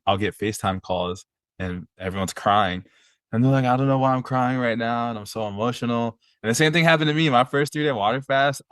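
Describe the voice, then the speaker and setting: Earnest low-voiced man telling his story. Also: a bit bright, no room sound. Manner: earnest, rambling with many fillers and restarts. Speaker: podcast guest, personal trainer. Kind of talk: casual conversational storytelling.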